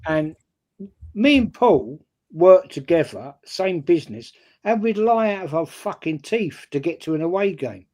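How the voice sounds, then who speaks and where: A fairly high-pitched but dark-toned voice, very animated yet unhurried, belongs to an older man from North London, a fan channel panelist. In a London accent he chats casually through a long personal anecdote, often dropping in "right?"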